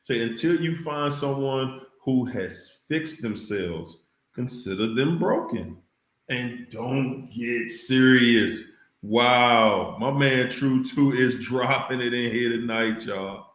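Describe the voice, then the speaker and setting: Slow-talking man in an echoey room. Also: mid-range voice, lively intonation. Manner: exclaims loudly, repeats phrases, preachy. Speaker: livestream host reading viewer comments. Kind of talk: casual livestream talk.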